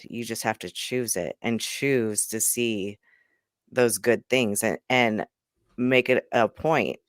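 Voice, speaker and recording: A man with a smooth, resonant voice talks casually and earnestly as a co-host. He works through everyday examples and often quotes what other people say. His mid-range voice is recorded dry. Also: mid-range voice, no room sound. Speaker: co-host, parent. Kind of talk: casual conversational chat.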